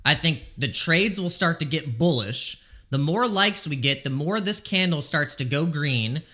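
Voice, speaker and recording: Bright-voiced, excitable male crypto streamer. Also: fairly high pitch, unhurried. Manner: excitable, exasperated, swears freely. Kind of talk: casual live stream commentary.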